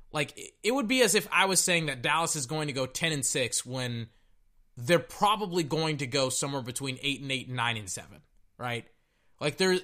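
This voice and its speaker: A man hosting a sports podcast and ranting in a blunt, casual way. He swears freely and keeps circling back to the same point. His voice sits a little high and rings bright and forceful. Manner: blunt, profane, repeats himself. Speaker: podcast host. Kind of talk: casual sports reaction rant.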